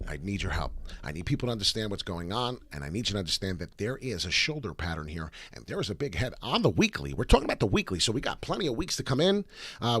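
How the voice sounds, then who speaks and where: A man hosting a live crypto chart commentary, excitable, profane and rambling. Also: on the low side, dry recording. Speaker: crypto chart analyst, channel host.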